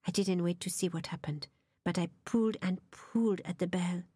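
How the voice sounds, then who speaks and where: Woman reading a novel, soft almost whispery, kinda husky, dry mic. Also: fairly low pitch, steady tone, moderate pace, no room sound. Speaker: audiobook narrator. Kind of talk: audiobook narration.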